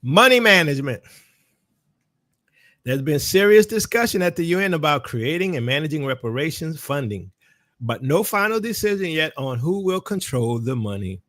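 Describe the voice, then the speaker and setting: In a fairly high, fairly bright voice, a man with a New Orleans accent delivers preacherly religious commentary as a ministry teacher, calling on his audience directly. He's animated at normal speed, and the studio-quality recording has no echo.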